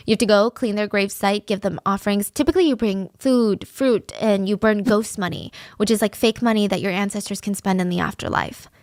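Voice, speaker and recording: A woman's voice: mid-range voice, vocal fry, no echo. A woman host narrating a true-crime story in a casual, conversational podcast manner, close to the mic.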